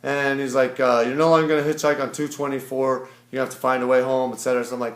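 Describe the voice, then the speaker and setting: A man's voice: medium pitch, level tone, quick pace, echoey room. Rambling man from Ohio telling a story. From Ohio, USA. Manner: rambling, filler-heavy, quotes people as he tells it. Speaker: vlogger. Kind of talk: casual storytelling recap.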